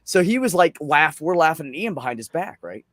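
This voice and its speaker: Profane animated man telling a story. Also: a little high, a little fast, no room sound. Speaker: open mic storyteller. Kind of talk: casual storytelling.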